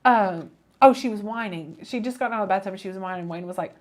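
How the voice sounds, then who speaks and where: Talking fast in a mid-range voice, a woman in her thirties shares family stories as co-host of a craft show. She's a chatty storyteller who keeps the chat casual and laughs a lot.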